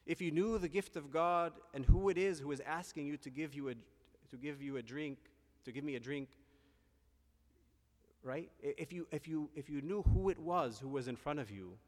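A priest giving an earnest, reflective homily, pausing and restarting as he preaches. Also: fairly high pitch, a little mellow, long reverb tail. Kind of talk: sermon.

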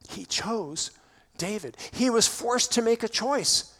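A man preaching a sermon in a church, expressive, building to emphatic peaks. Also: extremely high pitch, slow. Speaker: pastor. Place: church sanctuary.

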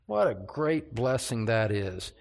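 An older man preaching an expository sermon, slow and deliberate, with emphatic rises on key phrases. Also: mid-range voice, very animated, gravelly.

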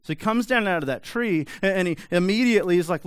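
A man's voice: high-pitched, quick pace, smooth, no room sound. Conversational male preacher. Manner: conversational, animated, rhetorical asides. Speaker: pastor. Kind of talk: sermon.

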